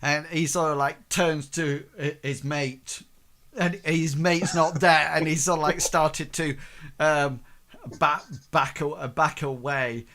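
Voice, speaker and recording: A man's voice: fairly high pitch, level tone, slow, a bit bright. A man narrating a tabletop game as game master, hesitant and full of fillers.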